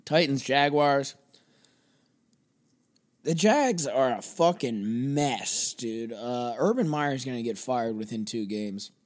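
A man's voice: medium pitch, lively intonation, slow pace. Casting: young guy, sports podcast host, rambling profane rants, mid-range voice. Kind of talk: solo sports podcast rant.

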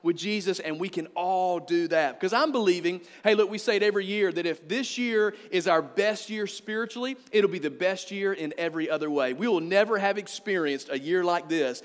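A man preaching a sermon as pastor, energetic, quoting scripture with emphasis. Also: high-pitched, a little fast, hardly any pauses. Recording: reverberant church hall.

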